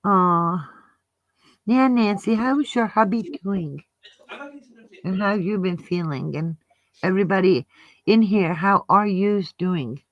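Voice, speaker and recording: Slow-talking woman with a New Jersey accent. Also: mid-range voice, dry recording, dull audio. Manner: laughs often, playful and chatty. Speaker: livestream co-host. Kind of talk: casual chat.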